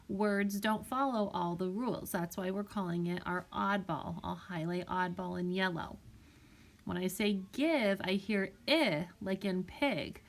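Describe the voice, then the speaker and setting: Slow, patient woman teaching spelling. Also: medium pitch. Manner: slow, patient, sounds words out carefully. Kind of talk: recorded spelling lesson for young children. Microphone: tablet microphone.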